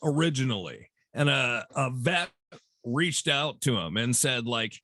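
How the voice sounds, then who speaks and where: A man's voice: mid-range voice, lively intonation, a little slow, sharp tone, dry recording, studio quality. A man co-hosting a podcast, talking in a casual, exasperated way and swearing as he rants. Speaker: podcast co-host. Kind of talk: casual chat.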